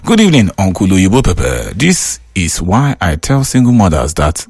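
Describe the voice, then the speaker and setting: A man with a Nigerian accent hosting a show, chatting casually as he reads out and reacts to listener comments in an animated, laughing way. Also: low-pitched, moderate pace, husky, no room sound, clean studio sound. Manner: animated, laughing, switching into Pidgin. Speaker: show host.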